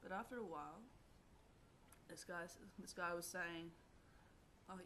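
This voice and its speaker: A young woman telling a personal story to camera in a rambling, halting way, full of fillers. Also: fairly low pitch, bright, forceful tone, slight background noise. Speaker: vlogger.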